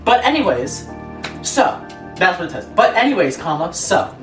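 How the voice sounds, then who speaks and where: A woman's voice: lowish voice, big pitch swings, normal speed. A young woman co-hosting a casual chat, reading online posts aloud with laughing asides. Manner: giggly, reads aloud with frequent laughing asides. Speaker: co-host reading online stories. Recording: echoey room, distant from mic, music behind.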